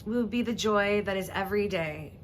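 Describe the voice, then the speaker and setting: Woman, mid-pitched, earnest and tearful, direct-to-camera apology vlog, faint background hiss. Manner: earnest, heartfelt, halting with restarts and throat-clearing. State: emotional, near tears. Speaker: vlogger. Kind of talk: emotional personal address to viewers.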